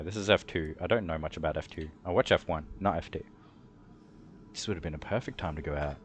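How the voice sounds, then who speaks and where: A man's voice: low voice, fairly bright tone, a little hiss or hum. A young man streaming a racing game, rambling casually and chatting in a laid-back way. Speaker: gaming streamer. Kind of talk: casual live-stream commentary.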